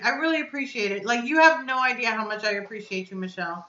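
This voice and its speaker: A woman's voice: on the high side, quick pace, few pauses, pushed and bright, reverberant, dull audio. A woman hosting a casual live stream, chatting effusively and answering her viewers' comments aloud. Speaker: vape reviewer hosting a live chat.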